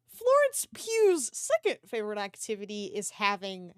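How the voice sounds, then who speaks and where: A young-sounding woman talks loosely into a desk mic, her pitch jumping up and down as she rambles through a story and swears along the way. The sound is close and dry, with no room around it. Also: very animated, normal speed, hardly any pauses, clear, resonant tone, no echo. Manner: rambling, swears freely, laughs often. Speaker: art streamer. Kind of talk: casual livestream chat. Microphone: desk microphone.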